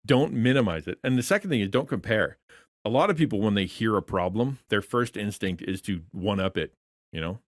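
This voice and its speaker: A man's voice: fairly low pitch, expressive, a little fast, dry recording, studio quality. Earnest man coaching creators. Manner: earnest, repeats words, rhetorical questions. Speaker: trainer coaching content creators. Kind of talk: conversational teaching session.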